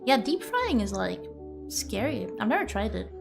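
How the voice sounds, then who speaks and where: A woman's voice: fairly high pitch, very animated, normal speed, gravelly, over music. A young woman streaming, chatting casually with viewers in a self-mocking, laughing way.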